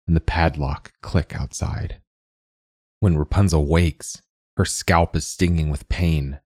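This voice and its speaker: A man reading a short story aloud in a measured, deliberate way as a podcast host and narrator. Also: very deep voice, a little mellow, no echo, clean studio sound.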